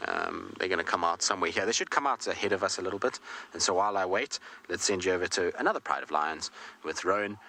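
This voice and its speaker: A man with a notably low yet bright, forward voice gives live safari commentary. He talks in a chatty, unhurried way, stretching words and leaning on fillers as he thinks aloud. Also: gravelly, a little hiss or hum. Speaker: safari guide.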